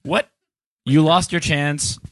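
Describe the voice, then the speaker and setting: A man co-hosting a comedy podcast, tossing in crude jokes and quick interjections. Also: a little high, fairly even intonation, dry recording, clean studio sound. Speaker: podcast co-host. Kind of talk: casual comedic chat. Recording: loud background noise.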